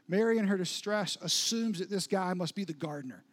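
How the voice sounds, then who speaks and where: A pastor preaching a sermon, retelling a story with dramatic soft drops and rising intensity. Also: male voice, sits high, brisk.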